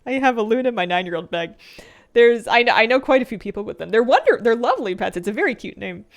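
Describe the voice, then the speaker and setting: A young adult woman streaming a game, chatting casually and rambling, often laughing and trailing off into soft mumbles. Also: on the high side, sing-song, fast. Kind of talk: casual chat while gaming.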